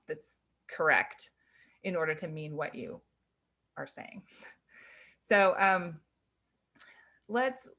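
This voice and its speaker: Soft-spoken woman teacher with a gravelly edge. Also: lowish voice. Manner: gentle, laughs softly between points. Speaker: sign language teacher. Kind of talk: explaining to learners on camera.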